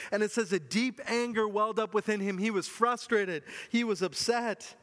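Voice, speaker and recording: A man preaching a sermon as pastor, earnest and often dropping to a soft, low voice. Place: church hall. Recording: long hall reverb.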